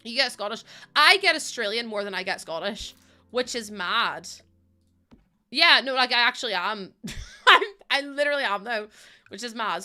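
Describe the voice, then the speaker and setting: Bright, giggly Northern Irish woman. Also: fairly high pitch. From Northern Ireland. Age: 20s. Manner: chatty, giggly, answers chat. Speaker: streamer. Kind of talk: casual live-stream chat while gaming.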